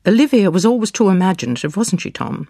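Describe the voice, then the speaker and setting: A grief-stricken mother in her bed, shrill and pleading, her words tumbling out faster as she accuses and then breaks down, as a storybook reader puts her on. The voice carries a gravelly rasp. It sits dry and close, with no room around it. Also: sing-song, warm tone, no echo. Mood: frantic. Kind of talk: dramatic storybook reading.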